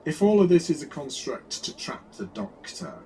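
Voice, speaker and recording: A man's voice: a little high, sing-song, moderate pace, warm tone, low-quality recording. A man co-hosting a podcast, rambling and wry in casual chat about an old episode. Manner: rambling, chatty, many restarts and wry asides. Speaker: podcast co-host.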